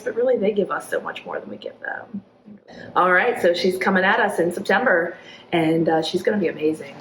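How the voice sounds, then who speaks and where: A chatty woman in her forties tells stories in a somewhat low voice and jumps up high whenever she acts out what others said. She speaks in a roomy, echoing space with a faint hum of ambience behind her. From Arkansas, USA. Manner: chatty storyteller, acts out quotes in a high voice, laughs often. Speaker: executive director of a downtown nonprofit, interview guest. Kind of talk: casual interview chat. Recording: echoey room with faint ambient noise.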